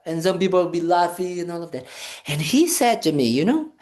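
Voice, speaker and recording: A man's high voice, moving a little fast, carries a Buddhist monk's casual dharma talk. Playful and conversational, he fills it with "you know" and restarts and acts out little scenes with "da, da, da."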